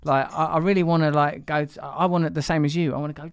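Smooth-voiced man in his forties. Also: fairly high pitch, fairly even intonation, fast talker, no room sound, studio quality. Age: 40s. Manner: rambling, self-deprecating, swears casually. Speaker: podcast host. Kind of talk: casual podcast conversation.

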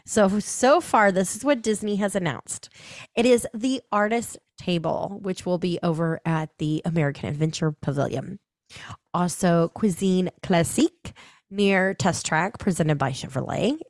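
A woman's voice: on the low side, a little slow, darkish tone, dry recording. A woman co-hosting a food podcast in casual chat, laughing easily as she reads out announcements. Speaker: podcast co-host.

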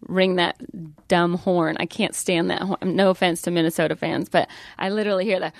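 A woman's voice: on the low side, steady tone, brisk, vocal fry. A woman co-hosting a podcast, chatting casually, teasing and laughing often. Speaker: podcast co-host. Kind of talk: casual chat.

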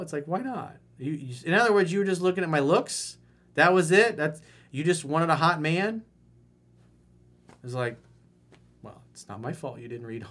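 A man's voice: on the high side, fairly bright tone. A man giving dating advice in a video coaching monologue, playful and acting out little bits of dialogue as he explains. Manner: playful, acts out dialogue in quick asides.

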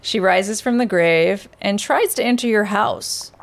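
Female podcast co-host, mid pitch; playful, joking storyteller with casual swearing. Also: a little slow, vocal fry. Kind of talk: casual chat.

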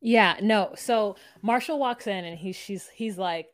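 A woman's voice: mid-range voice, measured pace, dry recording, clean studio sound. A woman co-hosting a podcast, chatting casually and opinionatedly, acting out quotes as she recaps. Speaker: podcast co-host.

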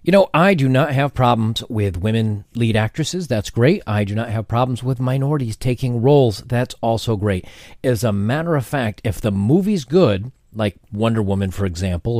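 A man hosting a casual opinion commentary video to camera, animated and sarcastic, with frequent restarts. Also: on the low side, no echo, clean studio sound. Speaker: commentary channel host. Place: home setting with changing sunlight.

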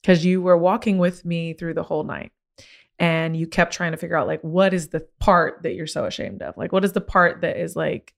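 A young woman hosting a podcast, her voice slightly low with vocal fry, tells a personal story in an open, candid way. She speaks a little fast and grows animated and expressive as she relives the moment, saying "like" often.

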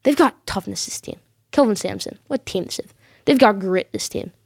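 A woman's voice: medium pitch, lively intonation, moderate pace, gravelly, slightly rough, no room sound, studio quality. A woman hosting a sports vlog, giving her predictions in an emphatic, insistent way and backing them up with short repeated affirmations.

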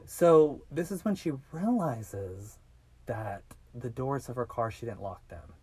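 Man, podcast host, casual storytelling, animated, swears, middle pitch, dry close sound. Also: slow pace, husky, no echo. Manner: animated, swearing, acts out quoted voices. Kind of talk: casual true-crime storytelling.

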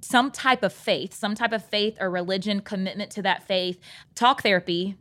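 A woman's voice: mid-range voice, normal speed, bright, forceful tone. Woman co-hosting a podcast. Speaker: podcast co-host. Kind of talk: casual podcast conversation.

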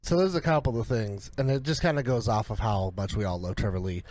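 A man co-hosting a podcast in casual chat, rambling excitedly and laughing between points. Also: fairly low pitch, fast talker. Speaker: podcast co-host.

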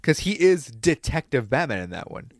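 A man's voice: a little high, sing-song, moderate pace, no echo. Brief: young male host, loose rambling film talk, frequent swearing, dry recording. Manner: rambling, swears freely, acts out scenes in voices. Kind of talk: casual film-review chat.

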